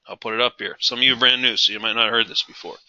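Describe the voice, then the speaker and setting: A man's voice: medium pitch, steady tone, racing, pushed and bright, dry recording, lo-fi sound. A man teaching a live trading class, emphatic, repeating key phrases and asking his audience questions. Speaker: trading instructor.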